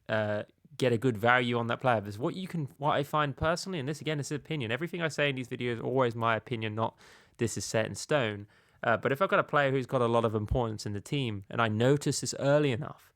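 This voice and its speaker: A man's voice: mid-range voice, a bit bright, no room sound, clean studio sound. A man hosting a casual video game tutorial, talking in a rambling, conversational way with frequent filler phrases.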